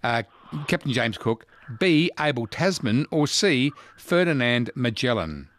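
A man's voice: medium pitch, sing-song, measured pace, a bit bright, no room sound. A man hosting a casual talkback radio quiz, chatty and teasing with his callers.

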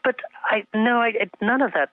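An older man from England, speaking as an interview guest in an articulate, reflective way, pausing with fillers as he thinks. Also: very high voice, no echo. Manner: thoughtful, articulate, halting with fillers. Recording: tinny phone line, dry.

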